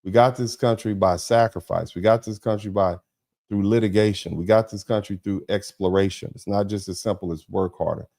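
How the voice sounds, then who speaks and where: A man's voice: on the low side, fairly even intonation, brisk, a little mellow. A middle-aged man hosting a commentary livestream, emphatic and repetitive, with sarcastic asides to his chat. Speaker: host of a commentary broadcast.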